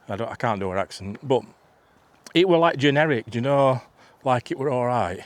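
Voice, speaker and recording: A man's voice: mid-range voice, expressive, brisk, no room sound. A man, telling a rambling, chatty story for his vlog outdoors. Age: 50s. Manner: rambling, chatty, full of restarts and asides. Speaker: vlogger. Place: outdoors in a field.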